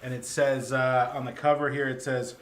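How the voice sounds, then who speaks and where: A man co-hosting a casual chat in a game store. He is relaxed and steers the talk with short questions. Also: medium pitch, moderate pace. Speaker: co-host.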